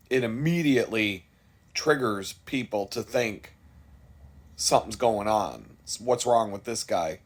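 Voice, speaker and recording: A middle-aged man with a fairly low voice tells a long personal story off the cuff. He rambles, restarts and swears casually, in a candid vlog style. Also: breathy edge. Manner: rambling, candid, swears freely, mimics people he quotes. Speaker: vlogger.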